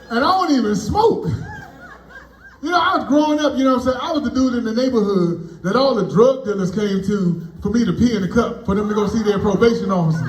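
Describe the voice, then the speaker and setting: A man performing stand-up comedy. He has a very high voice, throws out loud, animated punchlines and bantering with the audience. The sound carries an echo from a room at a live party. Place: party venue, indoors.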